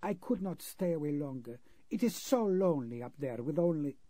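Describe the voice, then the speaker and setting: A man voicing a distraught young Greek woman who speaks in high, breathless, rising cries in a 1930s radio drama. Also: animated, normal speed, dark tone, no echo. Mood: pleading.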